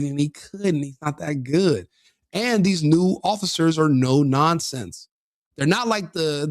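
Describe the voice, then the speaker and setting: A man's voice: a little high, no echo, studio quality. A man commenting on a video in a brash, mocking, combative way, laughing at his own jokes. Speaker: online commentator reacting to a video. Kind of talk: profane reaction commentary.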